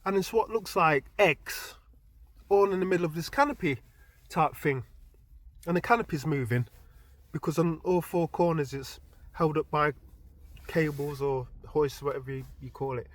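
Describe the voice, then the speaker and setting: A man, recounting a dream in a casual storytelling vlog, his voice climbing high and loud as he gets excited. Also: normal speed, long pauses, no room sound.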